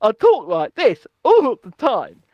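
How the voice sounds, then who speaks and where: A man's voice: very high voice, wildly swooping pitch, slow, no room sound, highs cut off, pitched above the performer's own voice, heavily acted. A man putting on a nasal, blocked-nose impression of a female former prime minister, mock-indignant.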